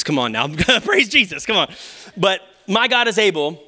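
A man's voice: sits high, sing-song, normal speed, sharp tone. A young man preaching a sermon, playful, with joking asides and acted-out quotes. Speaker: pastor.

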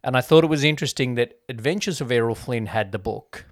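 A young Australian man co-hosting a casual movie review chat, jokey and quick to quote scenes. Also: mid-range voice, no room sound, clean studio sound. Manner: chatty, jokey, quotes scenes in put-on voices. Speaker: podcast co-host.

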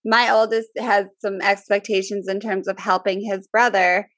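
A woman in her thirties co-hosting a podcast, talking fast and candidly in a casual chat. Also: medium pitch, flat delivery, a bit bright, dry recording, clean studio sound. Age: 30s. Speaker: podcast co-host.

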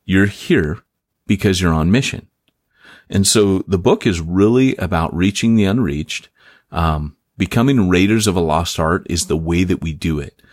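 Deep-voiced man, lively joking podcast chat. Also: moderate pace, no room sound, studio quality. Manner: animated, joking, laughs often. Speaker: podcast co-host and author. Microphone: remote call.

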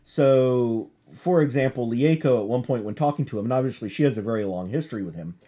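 A man's voice: medium pitch, brisk, mellow. A man giving a chatty class lecture on comics, full of asides and self-corrections.

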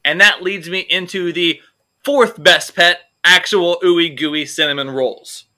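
A man's voice: fairly high pitch, unhurried, pushed and bright. A man co-hosting a comedy podcast, rambling through jokes and swearing freely in casual chat. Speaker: podcast co-host.

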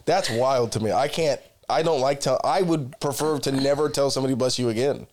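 A young man with a medium-pitched, slightly mellow voice talks fairly quickly as a podcast co-host. The chat is casual, and he jokes crudely and swears a lot.

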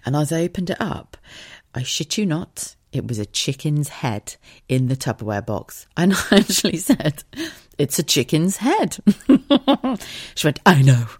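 A woman hosting a podcast, telling an anecdote in a chatty, animated way, laughing often and swearing freely. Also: low voice, unhurried, no echo, clean studio sound. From United Kingdom. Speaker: podcast host. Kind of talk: casual anecdotal storytelling.

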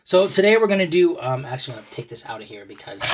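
A man in his thirties co-hosting a casual podcast, speaking close to the mic. He explains each slang term in a playful mock-lesson manner, and his voice sits at an ordinary middle pitch for a man. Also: very animated, very fast, background noise. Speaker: podcast co-host quizzing his partner.

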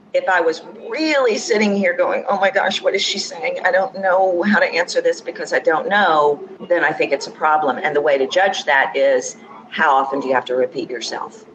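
A woman accent coach explaining her views as a podcast guest, confident and emphatic. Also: deep voice. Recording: audible background noise.

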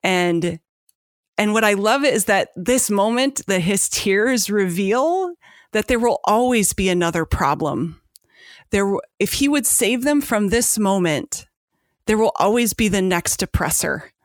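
A woman's voice: medium pitch, animated, a little slow, no room sound, studio quality. A woman co-hosting a casual faith chat, earnest and emotional, with many fillers.

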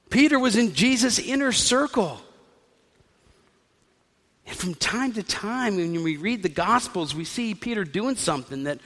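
A man's voice: sits high, a little slow. Preacher man in a reverberant hall. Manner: animated storyteller acting out quoted voices. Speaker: pastor. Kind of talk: sermon storytelling.

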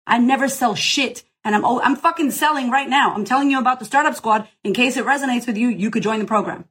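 Husky-voiced, blunt, swearing woman coach. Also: a little high, quick pace, fairly bright tone. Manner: blunt, profane and emphatic; direct, rallying the listener. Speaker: business coach. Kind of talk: casual live Q&A.

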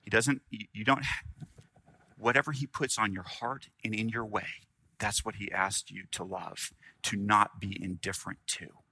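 A male pastor preaching a sermon, earnest, with dramatic pauses, swinging from loud to hushed. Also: on the low side, fairly even intonation, breathy edge, no echo.

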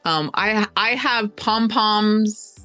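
A woman with a medium-pitched voice co-hosts a podcast and coaches clients, chatting casually and upbeat. She draws out her words, has a sharp tone, laughs often and quotes what she tells people. Faint music plays behind her.

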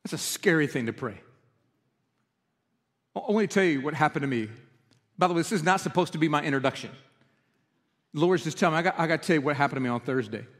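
A man's voice: on the high side, expressive, fast, pauses often, fairly bright tone. A man preaching a sermon as pastor, earnest and emotional in his delivery. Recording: reverberant hall.

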